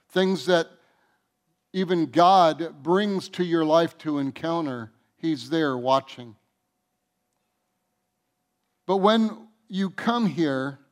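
Earnest male pastor preaching. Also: fairly high pitch. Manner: earnest, with repeated restarts and soft drops in volume. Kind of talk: sermon. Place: church sanctuary.

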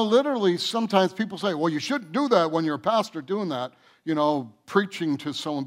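Male pastor preaching to his church, earnest, kinda high voice, trails off soft a lot. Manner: earnest, with repeated restarts and soft drops in volume. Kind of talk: sermon. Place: church sanctuary.

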